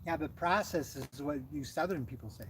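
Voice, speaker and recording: A man with a Canadian West Coast accent chats casually on a livestream, rambling along with plenty of fillers. His voice sits slightly high. Traffic and animal sounds come through clearly behind him. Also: brisk. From Canada, West Coast near Vancouver. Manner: relaxed, rambling, many fillers. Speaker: co-host of a livestream. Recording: noisy background with animals and traffic.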